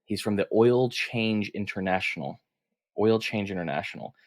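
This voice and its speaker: Podcast co-host, man, lowish voice, upbeat casual chat, dry close mic. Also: moderate pace, dry recording. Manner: upbeat, laughs often, reads headlines aloud.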